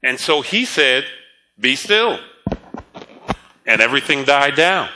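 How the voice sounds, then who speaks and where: A man's voice: mid-range voice, expressive, moderate pace, background noise. A man preaching a sermon, telling the story with frequent laughs and acted-out quotes. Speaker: pastor.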